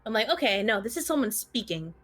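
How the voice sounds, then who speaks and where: A woman playing a tabletop role-playing game, describing her character's moves in a relaxed, playful way. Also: fairly high pitch, quick pace, soft background music. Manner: playful, voices her character's speech in quotes. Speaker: tabletop player. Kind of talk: casual tabletop play.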